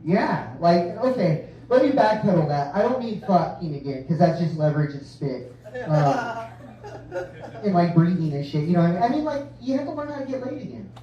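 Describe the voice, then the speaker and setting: A man's voice: high-pitched, expressive, fairly quick, lo-fi sound. Profane, rambling male comic. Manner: profane, rambling, laughs at his own jokes. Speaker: stand-up comedian. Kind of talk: stand-up set. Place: comedy club stage. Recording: echoey club from far off.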